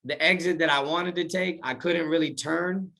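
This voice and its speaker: This man's voice sits on the high side, with a creaky texture and a moderate pace. Speaking in slang during a casual interview about his life, he gets animated and performs his own past words.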